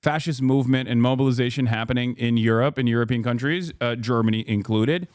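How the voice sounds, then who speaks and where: A man hosts a live stream in a loose, rambling way, full of "uh"s and restarts. His voice is smooth and resonant at a middle pitch. It is recorded dry and close, with no room sound. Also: fairly quick, a little mellow, no room sound. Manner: rambling, many fillers and restarts. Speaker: streamer host. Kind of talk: casual live-stream interview.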